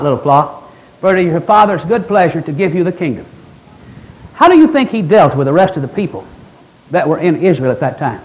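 A man's voice: sits high, rough recording. A man preaching a fervent, emphatic Baptist sermon, now and then mimicking imagined objectors. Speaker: Baptist pastor.

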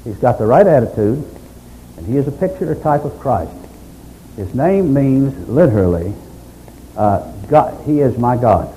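A man's voice: mid-range voice, sing-song, a little slow, long pauses, mellow, slight background noise, low-quality recording. A man preaching a sermon, emphatic, stacking up repeated phrases.

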